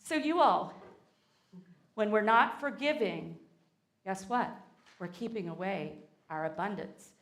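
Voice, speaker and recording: A guest speaker with a Southern US accent gives a playful sermon in a church sanctuary, her mid-range voice animated and slow, with vocal fry and long pauses. She leads the congregation in call-and-response, getting them to repeat phrases with her. The sanctuary sounds echoey.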